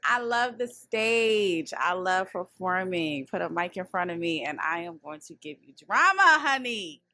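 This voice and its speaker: A woman guest on a podcast in casual chat, talking in an expressive, reflective way and laughing easily. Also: on the low side, measured pace, no echo.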